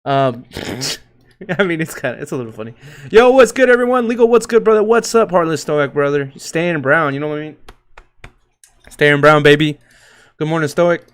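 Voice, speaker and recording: A man hosting a casual livestream, reading out market moves in a loose, joking, profane, slangy way with hype shouts. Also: on the high side, fairly quick. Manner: hype shouts and laughs while reading tickers. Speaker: crypto livestream host.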